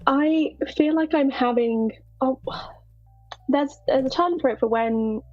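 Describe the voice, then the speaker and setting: A woman chatting casually on a game dev live stream, telling stories in an animated way with quick laughs. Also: high-pitched, dry recording, muffled recording, soft background music.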